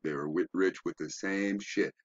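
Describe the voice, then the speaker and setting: A man's voice: low voice, steady tone, normal speed, no room sound, dull audio. A man giving a rambling, profane, preachy commentary while browsing web pages, asking rhetorical questions. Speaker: online commentator.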